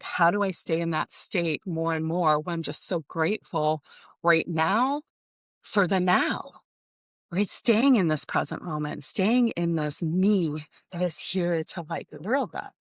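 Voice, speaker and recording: Middle-aged female host, lowish pitch, dry close sound, effusive and rambling. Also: fairly bright tone, no room sound. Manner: emotional, effusive, addresses listeners as "you guys"; rambling with many "like" fillers and restarts. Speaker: podcast host. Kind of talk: casual personal monologue.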